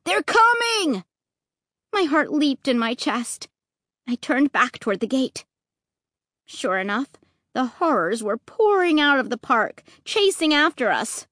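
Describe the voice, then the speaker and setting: Woman, storybook narrator, animated, lively delivery, dry sound. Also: high-pitched, measured pace, no room sound. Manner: lively, voicing dialogue with rising excitement. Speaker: audiobook narrator. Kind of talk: expressive storybook reading.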